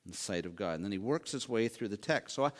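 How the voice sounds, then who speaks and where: A man's voice: lowish voice, lively intonation, fast talker. A middle-aged male pastor preaching a conversational sermon, asking the congregation rhetorical questions and adding asides.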